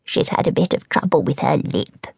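A woman's voice: low voice, sing-song, normal speed, creaky, a little mellow, breathy edge, dry recording, clean studio sound, heavily acted. A woman voicing a fussy, kindly hag who is chatty and easily cross, in a storybook reading. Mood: gossipy. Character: fussy middle-aged female hag, kindly witch. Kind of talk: audiobook character voice.

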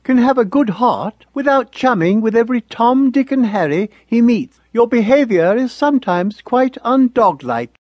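A man's voice: extremely high pitch, expressive, normal speed, hardly any pauses, no room sound, muffled recording, pitched above the performer's own voice. A male narrator voicing a prim, proud mother dog who lectures her pup on manners. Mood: lecturing.

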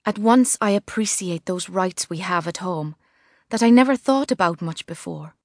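A woman reading a first-person novel as narrator, measured and vivid. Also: on the low side, no room sound, clean studio sound. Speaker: audiobook narrator. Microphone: studio mic.

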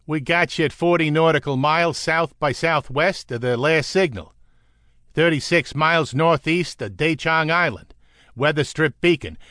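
A man's voice: on the high side, normal speed, bright, forceful tone, no room sound, clean studio sound, pitched above the performer's own voice. A man voicing a clipped, businesslike male carrier radio controller with a Bronx accent. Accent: New York (Bronx).

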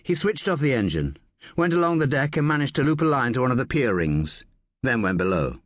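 Guy narrating a thriller audiobook, very lively pitch, dead dry close mic. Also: a little fast, no echo.

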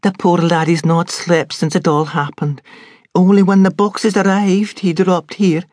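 A man voicing an anxious, soft-hearted female servant. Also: sits high, little pitch movement, a little slow, no room sound, clean studio sound, pitched above the performer's own voice.

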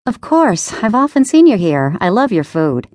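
A woman voicing a frank, wry woman on a dinner date who talks in a brisk, teasing way. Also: mid-range voice, sing-song, a little mellow, no echo, studio quality, pitched above the performer's own voice, natural voice. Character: confident, wry Italian-American woman on a date.

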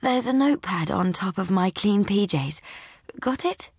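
A woman narrator voicing a cheeky, bossy woman in her thirties who is gravely ill and teases her friend in a soft voice. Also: medium pitch, animated, a little slow, no room sound, studio quality. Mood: conspiratorial. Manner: teasing, bossy, soft-spoken.

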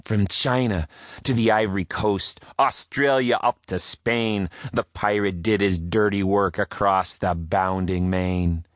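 A man's voice: on the low side, fairly even intonation, unhurried, no echo, studio quality. A man narrating a rhyming children's audiobook with a rhythmic, sing-song delivery. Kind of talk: reading a rhyming story aloud.

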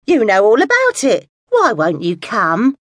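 A woman's voice: on the high side, wildly swooping pitch, a little slow, no room sound, voice pushed up, exaggerated voice. A woman voicing a querulous, pushy older woman on the phone, whiny and impatient, for an audiobook. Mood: wailing. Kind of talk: audiobook dialogue.

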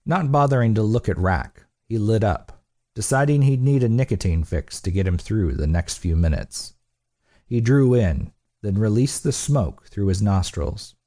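A man narrating an audiobook in a steady, blunt, profane delivery. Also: lowish voice, normal speed. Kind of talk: scripted narration.

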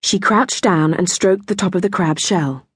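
Breathy woman reading a children's story. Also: on the low side, moderate pace, no echo, clean studio sound, faint music behind. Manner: gentle storytelling, lively intonation. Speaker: audiobook narrator. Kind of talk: children's audiobook narration. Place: recording studio. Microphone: close studio mic.

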